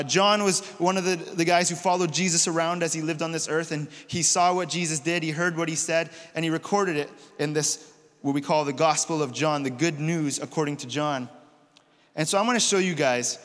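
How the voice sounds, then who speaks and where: A man preaching in a church, his voice sitting a little high for a man, with a long hall reverb trailing behind every phrase. He retells scripture casually, like a friend telling a story. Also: fairly bright tone. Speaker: pastor. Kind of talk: sermon. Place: church auditorium.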